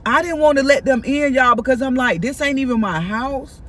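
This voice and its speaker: A man chatting in a casual storytime vlog, animated and gossipy, talking straight to his viewers. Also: very high voice, normal speed, a little hiss or hum. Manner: animated, gossipy, keeps addressing viewers directly. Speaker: vlogger. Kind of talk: casual storytime while eating.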